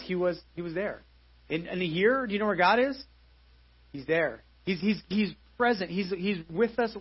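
A man's voice: sits high, slightly rough, lo-fi sound. A pastor in his forties giving a live sermon in a church, conversational, with many restarts and repeated phrases. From United States.

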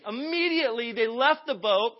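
A man giving a sermon as a guest pastor, telling stories with energy and shouting his excited quotes. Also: very high-pitched, normal speed, lo-fi sound. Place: church service.

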